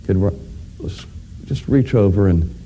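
A man preaching a sermon, addressing his congregation directly and building to loud, emphatic climaxes. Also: deep voice, unhurried, slight background noise. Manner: addresses audience directly with questions.

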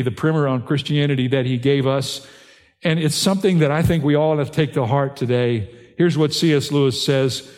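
An older man, a pastor, preaching an earnest sermon that climbs in pitch and force on key points. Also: a little mellow, long reverb tail.

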